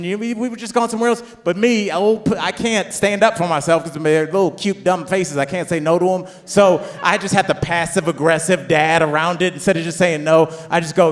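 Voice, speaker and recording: A man in his forties doing a stand-up set, telling a rambling family story with restarts and climbing into loud, high rants. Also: brisk, few pauses. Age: 40s. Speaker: stand-up comedian. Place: comedy club stage. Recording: long hall reverb.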